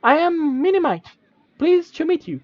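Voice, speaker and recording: A man's voice: very high-pitched, sing-song, moderate pace, no echo, lo-fi sound, pitched above the performer's own voice. A man voicing a tiny, cheerful green winged sprite with a chirpy, eager manner.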